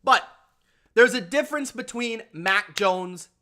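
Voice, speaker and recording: A man's voice: high voice, animated, takes it slowly, pushed and bright. A man hosting a sports review show, ranting emphatically in casual talk, repeating himself and calling listeners bro. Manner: emphatic, repetitive, addresses viewers as bro. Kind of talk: casual opinion rant.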